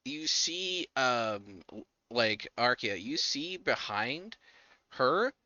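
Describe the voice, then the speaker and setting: Game master guy, really bright clear voice, dry dull lo-fi mic. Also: mid-range voice, sing-song, drawn-out words, no room sound. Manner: hesitant descriptive narration with fillers. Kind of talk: narrating a tabletop game.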